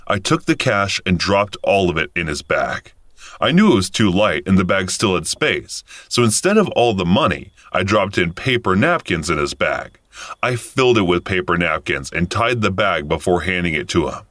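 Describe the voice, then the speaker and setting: Low-voiced man telling a story. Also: sing-song, normal speed, a bit bright, dry recording, clean studio sound. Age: 30s. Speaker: story narrator. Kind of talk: first-person story narration.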